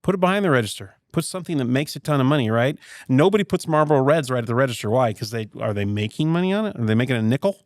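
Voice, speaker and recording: A man hosting a podcast, spinning retail stories in an animated way and checking in with a quick "right?" every few lines. His voice is mid-pitched for a man and sits close to the mic in a dry, dead room. It sounds like relaxed, opinionated shop talk. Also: dry recording. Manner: animated storyteller, rhetorical "right?" asides. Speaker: podcast host and retail veteran. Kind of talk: casual podcast chat.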